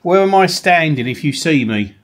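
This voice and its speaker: Male ghost-hunt host, animated delivery, uneasy coaxing questions, old mill cellar. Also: a little high, normal speed, a little hiss or hum. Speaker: paranormal investigator host. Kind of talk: ghost-hunt vlog, calling out to spirits.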